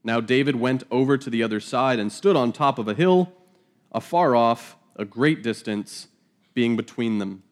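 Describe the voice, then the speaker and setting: A Bible teacher with a mid-range voice reads scripture aloud at a normal speed, then works through it verse by verse. His manner is casual and joking, with laughing asides along the way.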